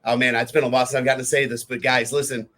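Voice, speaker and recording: A man hosting a podcast, upbeat and quick to laugh. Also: mid-range voice, level tone, a bit bright. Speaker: podcast host.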